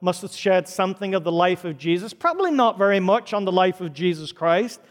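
Man, preacher, sermon, high voice, dramatic storytelling, long church reverb. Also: animated, a little fast. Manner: dramatic storytelling, varied pacing.

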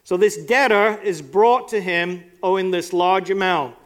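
A man with a notably high voice preaching a sermon from the pulpit. He talks to his listeners conversationally and keeps asking them rhetorical questions. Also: steady tone, unhurried, fairly bright tone.

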